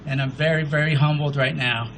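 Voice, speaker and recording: A man's voice: fairly high pitch, fairly even intonation, a little fast, fairly bright tone, a little hiss or hum, rough recording. Humble, nervous man in his fifties. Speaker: veteran guest speaker. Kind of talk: ceremony speech. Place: outdoor memorial ceremony.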